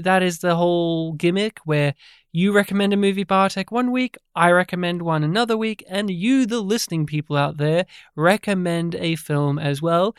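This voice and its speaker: A man's voice: on the high side, clear, resonant tone, no echo, studio quality. A man, co-hosting a podcast in a jokey, rambling way. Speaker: podcast co-host. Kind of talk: casual chat.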